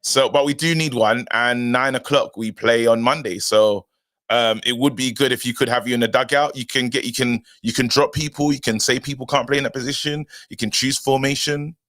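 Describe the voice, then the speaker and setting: A man co-hosting a live football stream in casual chat, excitable and laughing a lot. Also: mid-range voice, fairly quick, dry recording. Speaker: co-host.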